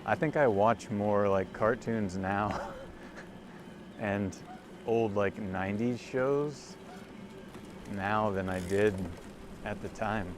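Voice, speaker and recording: A man in his forties talks to his viewers as he rides a cargo bike along a lake, rambling and amused at himself. His voice sits a little low and his words come slowly and easily. The sounds of the ride are clearly heard behind him. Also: fairly even intonation. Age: 40s. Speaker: livestreamer. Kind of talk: casual chat while riding. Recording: outdoor ride with clear background noise.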